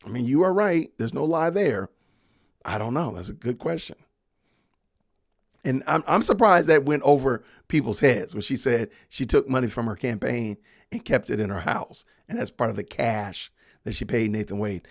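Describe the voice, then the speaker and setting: Gravelly-voiced man chatting on a livestream. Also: medium pitch, animated, moderate pace, no room sound, clean studio sound. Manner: chatty, reads viewer comments aloud with laughs. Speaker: podcast host. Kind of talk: casual livestream chat.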